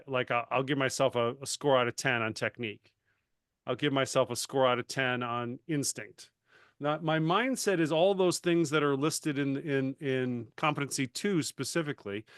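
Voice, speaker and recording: A man and coach talking casually on a panel, animated and self-deprecating, often restarting his sentences. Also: medium pitch, smooth, no room sound, clean studio sound. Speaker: master certified coach.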